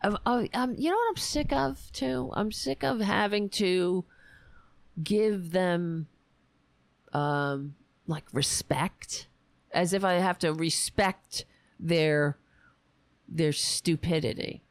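A woman hosting a ranting political commentary show, sarcastic and exasperated, and her voice is going hoarse. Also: on the low side, slow, dry recording. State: losing her voice.

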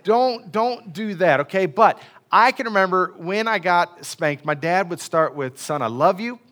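A man's voice: sits high, a little slow, a bit bright. A man preaching a casual, folksy sermon in a church, chatty and self-deprecating with many fillers. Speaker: pastor. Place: church sanctuary.

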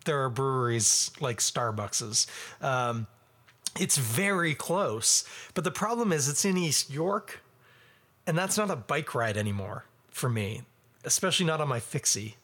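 A man from Canada hosting a podcast in casual chat, animated and quick to laugh, jumping up high when he exclaims. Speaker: podcast host.

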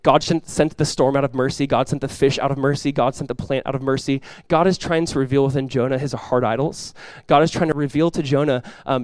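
A male pastor preaching a sermon, talking conversationally and then rising to loud, passionate peaks. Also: medium pitch, steady tone, quick pace, few pauses, smooth, dry recording.

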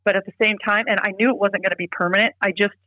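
Speaking very fast in a mid-range, bright, forceful voice with fairly even intonation, this middle-aged woman is a guest in a casual interview. She's earnest and emphatic and keeps restarting sentences, and the recording has no room sound and clipped highs.

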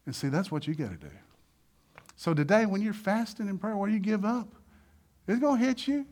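Animated preaching man, high lively voice. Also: a little fast. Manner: animated, acts out voices, swings loud and soft. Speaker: pastor. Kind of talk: sermon.

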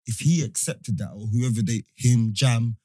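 Sing-song young man, husky. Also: medium pitch, moderate pace, warm tone, dry recording. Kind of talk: casual chat.

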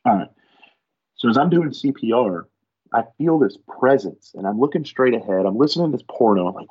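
Man, husky low voice, profane animated storyteller, dull lo-fi sound. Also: brisk. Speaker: firefighter guest. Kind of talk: casual storytelling on a podcast.

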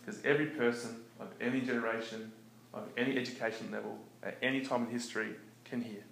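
A man preaching in a relaxed, conversational way, often chuckling between his points. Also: mid-range voice, quick pace, creaky. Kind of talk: conversational sermon. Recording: echoey room with faint background noise.

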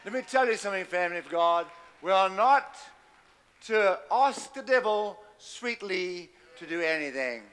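A man's voice: high-pitched, lively intonation, moderate pace, fairly bright tone, smooth, big-room sound. A man preaching a sermon, emphatic and calling on the congregation to repeat after him. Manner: emphatic, call-and-response with the congregation. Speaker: pastor.

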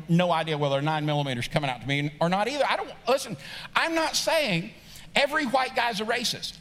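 Preaching in a big church sanctuary whose long reverb fills the recording, a middle-aged pastor speaks in a high, slightly bright voice. He mixes casual talk and jokes with emphatic, rising climaxes.

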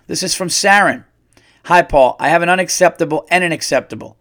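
A man's voice: on the high side, a little fast. Profane, ranting podcast host, a man. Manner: profane, animated storytelling with acted-out quotes. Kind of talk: ranting comedic monologue.

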